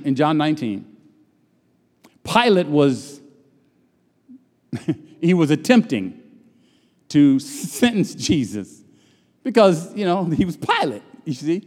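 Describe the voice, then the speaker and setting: A middle-aged man preaching a sermon in a conversational, teasing way that calls on the congregation to answer back. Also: medium pitch. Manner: conversational, teasing, call-and-response. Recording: long reverb in a large hall.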